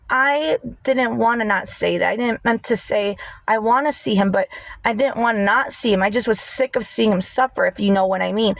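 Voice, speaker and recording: A woman's voice: mid-range voice, moderate pace, gravelly, no room sound. A young woman telling a painful personal story to the camera, emotional and fighting back tears, with many fillers. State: tearful. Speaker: vlogger. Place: indoors, people nearby.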